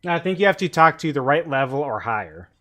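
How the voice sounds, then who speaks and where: A man's voice: on the high side, very animated, fast talker, sharp tone. A man chatting casually with a friend during an online game, answering in short, easygoing remarks. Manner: laid-back, short easygoing replies. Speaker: co-op gamer. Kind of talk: casual chat while gaming.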